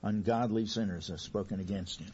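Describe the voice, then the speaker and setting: A male pastor delivering a sermon, his voice swelling in loudness to stress points. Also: on the low side, fairly even intonation, a little fast, background noise. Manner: preaching with emphatic swells in loudness. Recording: dull lo-fi recording.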